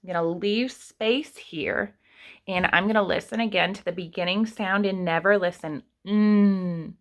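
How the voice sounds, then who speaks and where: A young adult woman teaching an online kindergarten writing lesson, sounding out words slowly and patiently for young children. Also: mid-range voice, a bit bright. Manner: slow, sounding out words step by step.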